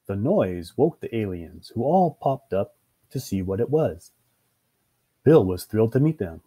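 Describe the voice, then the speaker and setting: Male children's story reader, sing-song delivery, warm husky voice. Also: fairly low pitch, sing-song, measured pace. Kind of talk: read-aloud children's story narration.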